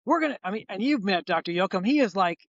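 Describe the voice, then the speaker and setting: A man in his sixties, a chiropractor guest, telling a patient story in lively conversational style. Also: high voice, quick pace, dry recording, lo-fi sound. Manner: animated storyteller, acts out quoted voices, frequent restarts.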